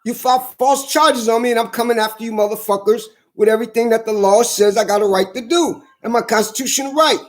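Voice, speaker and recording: A man delivering a heated, profane monologue, repeating his points with slow, hammering emphasis. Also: extremely high pitch. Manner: angry, profane, emphatic repetition.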